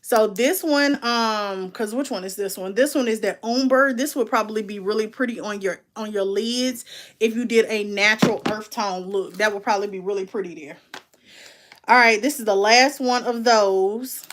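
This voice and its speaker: A woman's voice: medium pitch, moderate pace, a bit bright. A woman, chatting casually and candidly as she unboxes and reviews makeup, calling her viewers "baby" and "y'all". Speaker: beauty vlogger.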